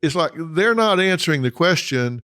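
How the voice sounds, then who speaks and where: A man's voice: a little high, lively intonation, normal speed, a bit bright, clear, resonant tone, no room sound, clean studio sound. A man hosting a panel discussion, asking probing questions and pressing his guests for concrete examples. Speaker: talk show host.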